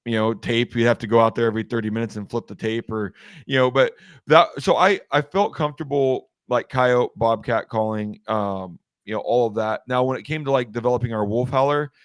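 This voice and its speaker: A man's voice: mid-range voice, a little fast, clean tone, no room sound. Man, interview guest, casual rambling talk, fillers and restarts, dry close sound. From Washington state. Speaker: guest, game call maker.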